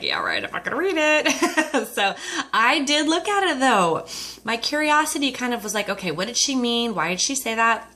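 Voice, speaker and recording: A woman's voice: fairly high pitch, pushed and bright. A woman consultant telling her personal story, acting out the voices of the people in it. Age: adult with a husband, dating herself. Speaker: Mary Kay consultant. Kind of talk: personal story told to an audience.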